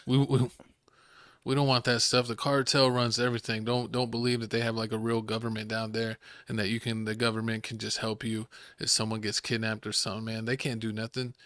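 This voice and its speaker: A man's voice: lowish voice, level tone, fairly quick, fairly bright tone, no room sound. A man hosting a casual podcast, explaining things in a laid-back, teasing way. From Mexican-American family. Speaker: podcast host.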